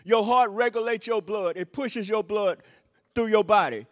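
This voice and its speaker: High-voiced male preacher in a reverberant church. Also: moderate pace. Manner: preaching with frequent "Amen" and "Praise the Lord" exclamations; repetitive emphatic phrasing. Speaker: associate pastor. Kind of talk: sermon. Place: church sanctuary. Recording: long reverb of a church hall.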